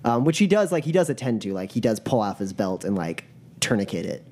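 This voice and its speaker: A man's voice: fairly low pitch, very animated, a little fast, a little mellow, breathy edge. A man narrating as game master of a tabletop role-playing game, loose and full of fillers.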